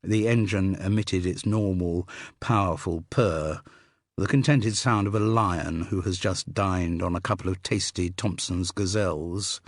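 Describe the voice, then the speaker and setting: A man narrating an audiobook in a measured, wry storytelling manner, with a slightly breathy voice. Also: low-pitched, no echo. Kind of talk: scripted narration. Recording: dry close studio sound.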